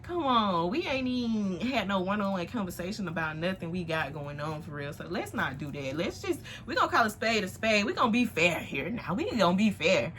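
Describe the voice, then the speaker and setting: Bright-voiced young woman telling a storytime. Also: mid-range voice, brisk, hardly any pauses, a little hiss or hum. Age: 20s. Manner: animated, swings from hushed to loud exclamations. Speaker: vlogger. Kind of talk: casual storytime. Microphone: phone on tripod.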